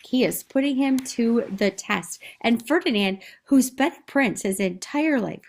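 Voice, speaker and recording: A woman teacher giving a recorded literature lesson over slides, chatty and thinking aloud with small fillers and restarts. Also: mid-range voice.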